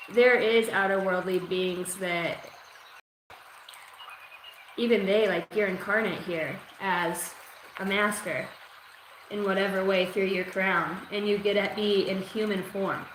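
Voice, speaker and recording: A woman's voice: mid-range voice, steady tone, slow, pauses often, a bit bright. Woman psychic reader, casual and foul-mouthed, rambling livestream delivery, roomy echo. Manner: casual, profane, rambling with many fillers. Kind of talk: livestream channeled oracle reading. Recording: echoey room with faint ambient noise.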